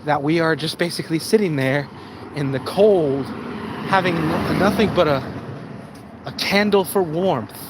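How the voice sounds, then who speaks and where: A man's voice: fairly high pitch, measured pace, noisy background. A man ranting on a live stream, swearing and stumbling over his words as he repeats himself.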